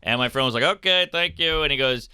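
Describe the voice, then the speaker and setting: Bright-voiced comedian telling stories. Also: male voice, mid-range voice, fast talker, clean tone, dry recording. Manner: animated, acts out people in his stories. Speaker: comedian guest. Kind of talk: casual storytelling on a talk radio show. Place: radio studio. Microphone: close studio mic.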